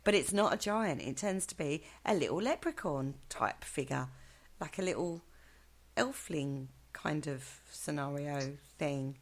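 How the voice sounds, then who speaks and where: A woman's voice: low-pitched, unhurried. A woman co-hosting a show, chatting with enthusiasm and laughing often. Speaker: co-host. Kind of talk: casual chat.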